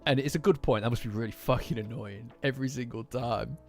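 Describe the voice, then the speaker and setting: A young man with a British accent chatting casually as a manga reaction streamer, swearing freely, answering live comments and acting out characters in quick asides. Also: medium pitch. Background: soft lofi music.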